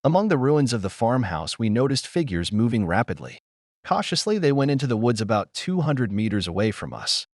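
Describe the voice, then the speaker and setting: A male narrator tells a first-person wartime story in a grave, measured way. His voice rises and falls with lively intonation. The recording is dry and close, with no room sound. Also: mid-range voice, dry recording. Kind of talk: scripted first-person war memoir narration.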